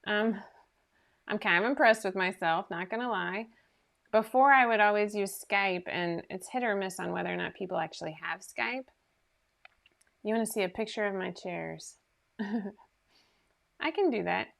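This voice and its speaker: A woman's voice: medium pitch, moderate pace, gravelly, pauses often, fairly bright tone. A woman hosting a casual sewing livestream from her home sewing room, chatting in a rambling, self-deprecating way into her computer microphone.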